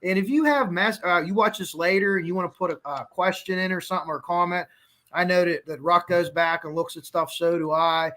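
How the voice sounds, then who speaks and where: This is a man with a Pittsburgh accent hosting a casual podcast over a video call. His voice sits high and bright. He rambles in a friendly way, restarts his sentences and laughs easily. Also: fairly even intonation, fairly quick. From western Pennsylvania. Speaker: podcast host. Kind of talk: casual livestream chat.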